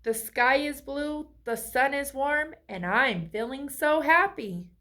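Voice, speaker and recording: A woman voicing a cheerful, eager male scarecrow in a storybook reading, exclaiming loudly. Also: sits high, slow, pitched above the performer's own voice, heavily acted.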